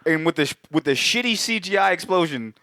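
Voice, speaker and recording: A man co-hosting a podcast, recapping a movie in casual, profane chat, laughing and acting out characters in quick bits. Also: on the high side, animated, vocal fry, sharp tone, dry recording, studio quality. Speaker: podcast co-host.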